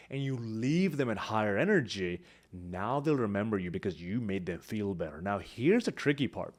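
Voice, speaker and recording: A man teaching public speaking, talking to camera with lively swings between high energy and quiet, hushed moments. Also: brisk. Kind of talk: instructional talk to camera.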